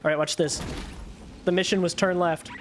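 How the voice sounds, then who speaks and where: While live-streaming his gameplay, a young man talks casually to his audience, cursing and shouting with excitement in tense moments. He has a high voice at normal speed, and there's a slight hiss or hum.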